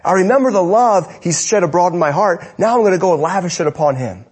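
A male pastor preaching a sermon, emphatic, often dropping to a hush to stress a point. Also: high voice, expressive, fast, breathy edge.

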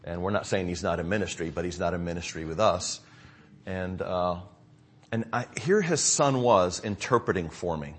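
Here the pastor, a middle-aged American man, speaks at a moderate pace in a low, slightly bright voice. He tells stories to his congregation in a sermon update, keeping it conversational and wandering into frequent asides.

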